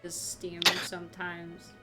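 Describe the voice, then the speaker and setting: A woman's voice: fairly low pitch, completely flat delivery, slow pace, over loud music. A woman streamer chatting casually and giggling often, trailing off mid-sentence.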